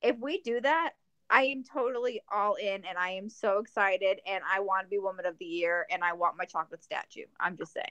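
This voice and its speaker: A woman co-hosting a podcast in casual chat, joking and rambling through plans in an animated way. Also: medium pitch, a little fast, clear, resonant tone, dry recording, dull audio. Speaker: podcast co-host.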